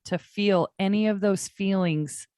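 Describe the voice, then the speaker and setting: A woman's voice: medium pitch, unhurried, dark tone, clear, resonant tone, dry recording, studio quality. A young adult woman, a podcast guest, talking candidly and chattily about her life, with many fillers. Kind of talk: conversational interview.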